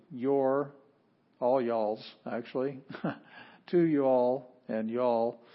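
A man with a twang gives a casual classroom lecture, chatty and self-correcting, with joking asides. His voice sits in a middle range. The recording is dull and lo-fi. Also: medium pitch. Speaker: Greek teacher.

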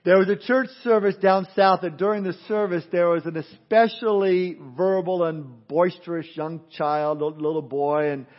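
A man's voice: high voice, fairly even intonation, moderate pace, few pauses, dull audio. A man preaching as a pastor, often repeating words and restarting as he goes. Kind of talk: sermon.

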